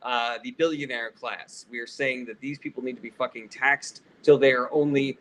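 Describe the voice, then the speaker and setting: A man's voice: medium pitch, steady tone, normal speed, fairly bright tone, slight background noise, poor audio. A man hosting a casual political livestream Q&A, reading out viewer questions and answering bluntly with plenty of profanity.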